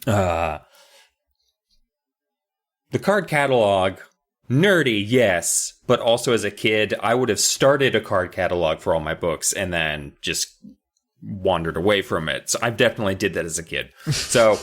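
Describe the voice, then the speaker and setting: Jokey, rambling man with lively pitch. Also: unhurried. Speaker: podcast co-host. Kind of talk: casual book recap chat.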